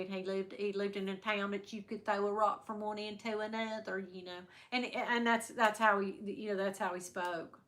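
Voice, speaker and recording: A woman's voice: medium pitch, fairly bright tone. A woman from the American South with a Southern accent, chatting casually and rambling with live viewers as a stream host. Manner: chatty, rambling, many restarts. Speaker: livestream host.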